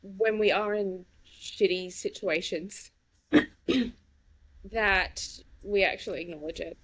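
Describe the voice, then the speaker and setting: Slow-talking woman, earnest and frank. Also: mid-range voice, fairly bright tone, poor audio. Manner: earnest, frank, with casual swearing. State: tearful. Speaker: podcast co-host. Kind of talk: supportive casual chat.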